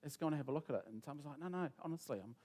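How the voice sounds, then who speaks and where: A man gives a sermon, his voice sitting a little higher than most men's. He rambles through an anecdote in a casual way and acts out each person's lines as he quotes them. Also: expressive, rapid-fire, darkish tone. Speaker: preacher. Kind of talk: sermon storytelling.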